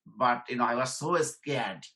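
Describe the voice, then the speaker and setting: Bright-voiced man teaching. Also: mid-range voice, unhurried, poor audio. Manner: repeats points, checks in with "okay?". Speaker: career trainer and professor. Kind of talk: informal teaching talk.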